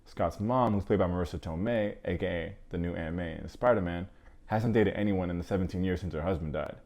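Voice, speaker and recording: A man with a low, deep voice hosts a movie review. He talks fast and loose, in a casual, slangy way with quick joking asides. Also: darkish tone.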